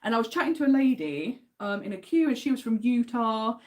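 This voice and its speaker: A woman's voice: a little high, expressive, a little fast, darkish tone. Chatty English woman hosting a livestream. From England. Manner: chatty, enthusiastic, reads out viewer comments. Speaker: livestream host. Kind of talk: casual livestream chat.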